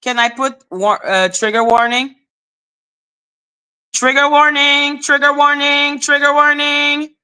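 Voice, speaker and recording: On a casual live stream, a woman tells a gossip story, animated and exasperated, cursing without restraint. Her pitch is high and her pace unhurried.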